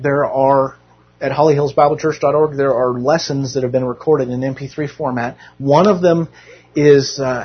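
A man preaches in an earnest, conversational way, mixing scripture with self-deprecating asides. His voice is quite husky and breathy. The recording is muffled and lo-fi. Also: medium pitch. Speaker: Bible teacher. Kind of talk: informal sermon.

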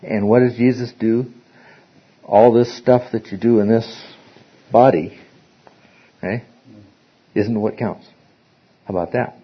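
A man's voice: lowish voice, steady tone, slow, pauses often, husky. A man teaching an interactive Bible study, rambling and often repeating words as he restarts his sentences. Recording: dull lo-fi recording.

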